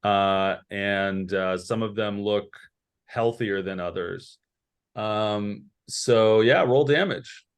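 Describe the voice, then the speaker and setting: A man narrating as game master, pausing often with fillers and restarts. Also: on the low side, clear, resonant tone. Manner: halting, many fillers and restarts.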